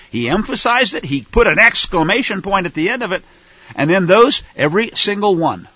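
A man's voice: high-pitched, pushed and bright, husky, no echo. A man preaching a sermon in an emphatic way, repeating his points and asking rhetorical questions.

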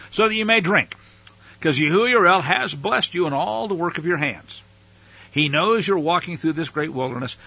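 A man's voice: fairly high pitch, pushed and bright, slightly rough, muffled recording. A man teaching from the Bible, reading scripture aloud with dramatic emphasis and breaking in with casual, plain-spoken asides.

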